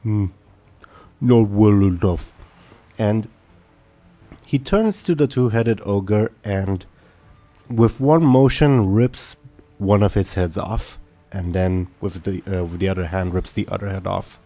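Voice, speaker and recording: Slow, deep-voiced male game master. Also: dark tone, soft background music. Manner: halting, full of fillers and self-corrections. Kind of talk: narrating a tabletop game.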